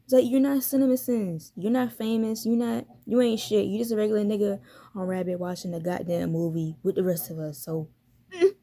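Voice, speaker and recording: A woman's voice: mid-range voice, steady tone, fairly quick, dark tone. A young woman giving a casual commentary vlog as a YouTuber, talking bluntly with lots of profanity, slang and laughter.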